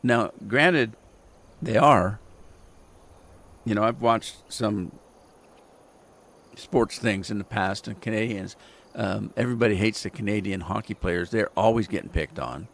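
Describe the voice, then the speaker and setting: A man's voice: fairly low pitch, measured pace, creaky, pauses often, a bit bright. A man hosting a game livestream, chatting casually and wandering off into rambling stories while he plays. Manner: rambling storyteller with restarts and chuckles. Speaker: gaming livestream host. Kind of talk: casual chat while playing.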